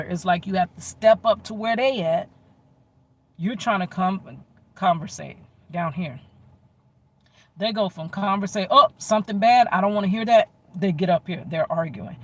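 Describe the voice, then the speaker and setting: Animated man telling a story, distant mic. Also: high-pitched, slightly rough. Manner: animated, acts out both sides of arguments; emphatic and repetitive. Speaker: storytelling vlogger. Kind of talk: personal story time. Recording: distant mic with faint background noise.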